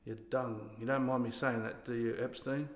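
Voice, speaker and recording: An actor playing a drunk, bullying older army sergeant who barks insults and orders. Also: male voice, mid-range voice, flat delivery, normal speed, highs cut off, lightly acted. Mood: commanding. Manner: barking, insulting, commanding. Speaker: actor in a scene. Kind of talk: stage scene acting. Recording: echoey hall.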